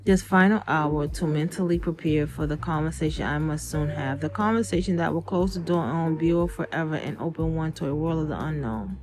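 A woman's voice: low voice, brisk, few pauses, music in the background. A woman hosting a podcast and recommending books in a casual chat. She talks in a loose, chatty way with many fillers, and her voice is dry and fading from talking too much. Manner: chatty, filler-heavy, spells out names. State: losing her voice, dry throat. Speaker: podcast host.

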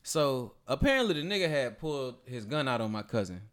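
A man's voice: mid-range voice, brisk. A man on a podcast, telling a story in casual, profane chat and acting out the people in it. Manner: animated, profane storytelling with voiced quotes. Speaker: podcast host.

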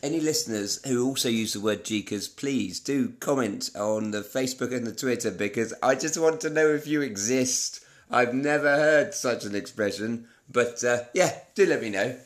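A man's voice: mid-range voice, normal speed, hardly any pauses. A man hosting a podcast in casual chat, rambling and playful, often cutting himself off. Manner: rambling, self-interrupting, playful. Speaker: podcast host. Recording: roomy echo.

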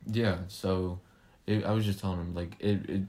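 A young man with a notably deep, low voice talks loosely with a friend on their homemade podcast. He circles around his points, restarting sentences and leaning on fillers as he goes. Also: fairly even intonation, normal speed, darkish tone. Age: young adult. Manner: rambling, many restarts and fillers. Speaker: podcast co-host. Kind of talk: casual chat.

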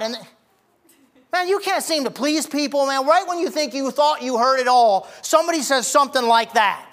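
A male pastor telling a story from the pulpit, acting out the dialogue and building to shouts. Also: extremely high pitch, lively intonation, moderate pace. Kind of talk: sermon storytelling.

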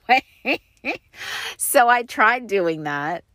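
A woman's voice: a little high, expressive, drawn-out words, a bit bright, no room sound, studio quality. A middle-aged woman hosting her own podcast from inside a car, telling rambling, upbeat stories full of fillers. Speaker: podcast host. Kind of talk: casual chatty podcast monologue.

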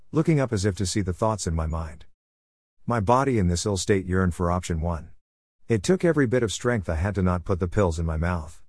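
A man's voice: low voice, darkish tone, no echo, studio quality. A man giving an earnest, reflective scripted first-person narration as a storyteller.

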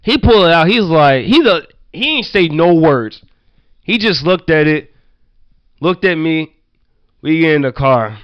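A man from Virginia telling childhood stories in casual chat, loose and profane, full of "like" and quick laughs. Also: fairly high pitch, expressive, dry recording, lo-fi sound. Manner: loose, profane, laughing anecdotes with many "like" fillers. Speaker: storyteller.

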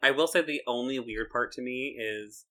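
A man's voice: medium pitch, moderate pace, a bit bright. A man co-hosting a podcast, chatting casually about a cartoon and laughing often. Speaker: podcast co-host. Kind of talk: casual chat reviewing a cartoon.

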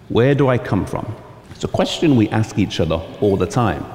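A man's voice: on the low side, big pitch swings, moderate pace, darkish tone. A man with an English accent, a pastor, preaching a sermon and telling stories with acted-out voices. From England. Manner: storytelling, acting out quoted voices. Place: camp meeting hall. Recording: long reverb in a large hall.

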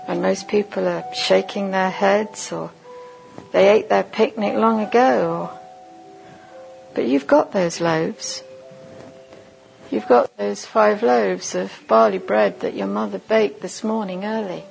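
A woman giving a sermon at a conference, leading listeners through a vivid imagined story in a slow, deliberate second-person voice. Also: mid-range voice, steady tone, creaky, faint music behind, poor audio. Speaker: conference speaker.

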